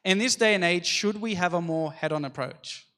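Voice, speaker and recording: A young man speaks to a church youth group in a slightly high voice, recounting a story and checking in with his listeners. His voice carries a long reverb from the hall around him. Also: normal speed, pushed and bright. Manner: storytelling, addresses the group with repeated "okay?".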